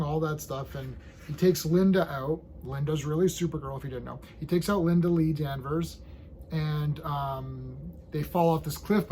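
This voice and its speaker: A man reviewing an old comic in casual, rambling chat, acting out characters' lines in quick quoted voices. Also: on the high side, mellow, slight background noise, poor audio.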